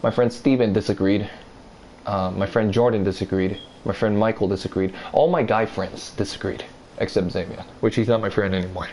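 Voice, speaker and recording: Low-voiced man ranting through a story. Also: brisk, a little hiss or hum, low-quality recording. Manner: rambling, profane, animated retelling; acts out others' lines in a higher voice. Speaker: vlogger telling a story. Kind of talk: casual storytime.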